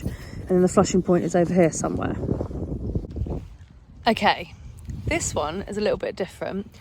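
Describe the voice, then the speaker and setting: Woman, Somerset-tinged West Country accent, chatty outdoor vlog, middle pitch, noisy outdoor phone recording. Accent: Somerset-tinged English West Country. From Hampshire, England. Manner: chatty and explanatory, laughs often. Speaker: vlogger on a beating line. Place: outdoors in countryside fields and hedges.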